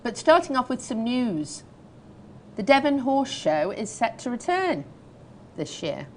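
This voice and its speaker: A woman's voice: on the high side, sing-song, measured pace, a little mellow, a little hiss or hum. An English woman hosting a talk show from a studio, chatting playfully and reading news, laughing easily. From England. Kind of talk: casual chat and news reading.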